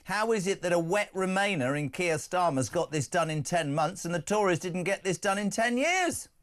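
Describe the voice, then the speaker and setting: Male phone-in host, high voice, brash and jokey, opinionated banter. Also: animated, moderate pace, fairly bright tone. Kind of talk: lively radio phone-in chat.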